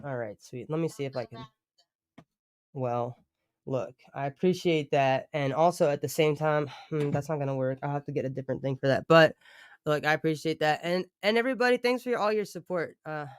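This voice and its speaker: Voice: medium pitch, fairly quick, smooth, no room sound, clean studio sound. A livestreamer chatting casually with viewers, rambling and thanking them often.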